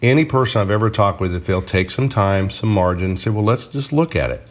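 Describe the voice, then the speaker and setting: A middle-aged man with a fairly low voice, teaching as a counselor in a relaxed faith conversation. He talks in a loose, animated way and slips into quick acted-out dialogues. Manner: animated, acts out little dialogues. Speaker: counselor co-host.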